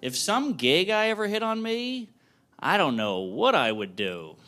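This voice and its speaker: A man voicing his squeamish, straight young male friend, slow and incredulous, in a stand-up set. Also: high voice, very animated, pushed and bright, pitched above the performer's own voice, heavily acted. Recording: live club audience laughter, noisy.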